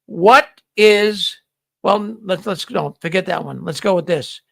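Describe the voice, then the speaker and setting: A man's voice: high voice, unhurried, vocal fry, fairly bright tone. A man hosting a casual live-stream quiz, jokey and playful, often repeating himself. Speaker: show host running a quiz.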